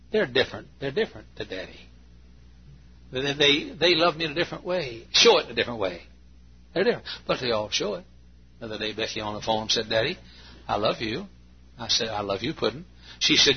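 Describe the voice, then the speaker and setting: Male preacher, late 50s, gravelly, husky, folksy sermon delivery. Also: highs cut off. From Texas. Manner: folksy, acts out anecdotes with bursts of high imitation and laughter.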